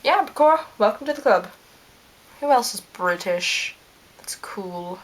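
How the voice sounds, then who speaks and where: A woman playing a smug, rambling male scientist character in a fan-made in-character video, talking with plenty of ums and trailing pauses. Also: mid-range voice, expressive, close to an everyday voice.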